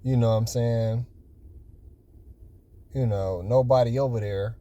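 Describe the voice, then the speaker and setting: A man's voice: mid-range voice, fairly even intonation, measured pace, warm tone, lo-fi sound. Rambling man in his forties. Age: 40s. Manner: rambling, full of "you know" fillers. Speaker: vlogger. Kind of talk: casual storytelling.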